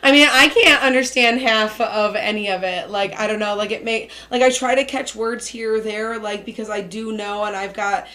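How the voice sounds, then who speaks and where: A woman's voice: mid-range voice, fairly even intonation, moderate pace, hardly any pauses, bright, forceful tone. A young woman co-hosting a podcast, chatting casually in a rambling way and laughing often. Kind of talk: casual chat.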